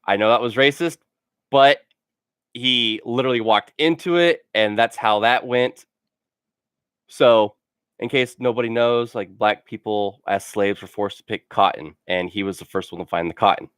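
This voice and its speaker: A man's voice: lowish voice, clean tone, dry recording, studio quality. A man telling funny stories for a casual vlog. He rambles and fills his sentences with "like", and laughs at his own stories. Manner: rambling, full of "like" fillers. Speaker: gaming channel host.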